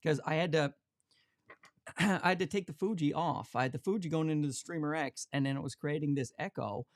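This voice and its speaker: A man's voice: fairly high pitch, a little fast, no room sound. A man hosting a camera livestream from his home studio, chatting and joking as he reads viewer comments aloud. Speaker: camera channel host. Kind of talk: casual livestream chat. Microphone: XLR shotgun mic.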